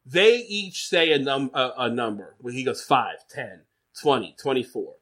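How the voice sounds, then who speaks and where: A man co-hosting a casual podcast chat, animated and swearing, laughing often. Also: mid-range voice, normal speed. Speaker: podcast co-host.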